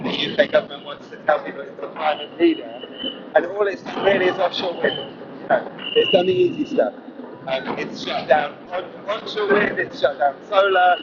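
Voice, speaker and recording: A man speaking as a climate activist in a street interview at a march, earnest and rambling, with lots of "you know". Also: a little high. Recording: dull lo-fi sound, loud street noise.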